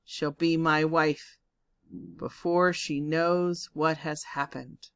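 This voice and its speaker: A woman reading a storybook aloud, voicing a bossy rich male farmer who barks orders loudly and schemes. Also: deep voice, fairly even intonation, slow, clean tone, no echo. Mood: scheming. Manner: loud, barking orders.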